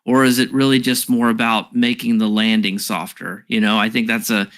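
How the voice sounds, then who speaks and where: A man's voice: lowish voice, little pitch movement, normal speed, a bit bright. A man co-hosting a casual podcast chat, thinking aloud and hedging with many fillers. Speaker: podcast co-host. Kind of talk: casual discussion.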